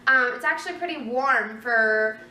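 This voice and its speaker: A young woman in her twenties talks through a casual vlog, rambling and chatty with plenty of fillers. Her voice sits high and sounds bright. The room is echoey, with faint ambient noise, and she is a little away from the mic. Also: normal speed, recorded from a distance. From Minnesota, USA. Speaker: vlogger. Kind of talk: casual pregnancy update vlog.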